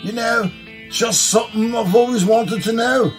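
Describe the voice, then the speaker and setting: A man doing a friendly impression of a male rock singer, talking slowly with a gravelly voice, over guitar music. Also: extremely high pitch. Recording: music behind.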